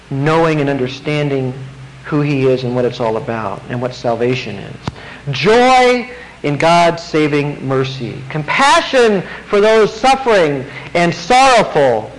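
A man preaching a sermon, animated, acting out quotes and asking the congregation questions. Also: on the high side, a little slow, a little hiss or hum, rough recording.

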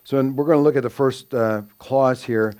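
A man's voice: medium pitch, fairly even intonation, moderate pace, darkish tone. A man preaching an expository sermon, teaching earnestly and lifting his voice to stress quoted scripture. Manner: earnest teaching with frequent fillers and restarts, rising emphasis on quoted scripture.

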